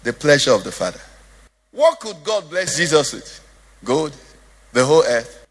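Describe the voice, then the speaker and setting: A man's voice: on the high side, sing-song, normal speed, breathy edge, long reverb tail. A male pastor preaching a sermon, lilting in a sing-song way and asking the congregation questions. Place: church.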